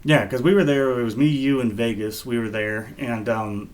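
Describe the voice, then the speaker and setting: A man co-hosting a podcast, telling stories in a relaxed, rambling way with lots of fillers. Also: mid-range voice, normal speed. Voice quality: laid-back, rambling with many fillers. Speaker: podcast co-host. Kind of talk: casual storytelling chat.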